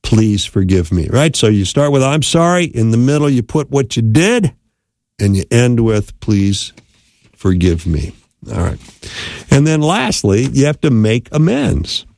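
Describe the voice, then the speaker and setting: A man's voice: mid-range voice, very animated, moderate pace, vocal fry, darkish tone, dry recording. A man giving a conversational teaching talk, laying out steps and acting out example phrases while checking in with frequent "right?" and "okay?". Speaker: speaker on marriage.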